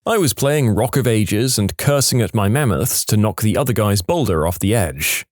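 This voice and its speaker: A man reading stories aloud with a dry, deadpan delivery. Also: on the low side, normal speed, no room sound. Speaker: story narrator.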